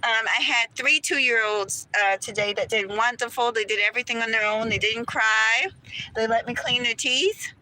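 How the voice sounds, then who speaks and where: A woman's voice: on the high side, normal speed, sharp tone, slight background noise, low-quality recording. A woman dental hygienist ranting to her viewers in a casual vlog, emphatic and preachy, talking straight to the camera.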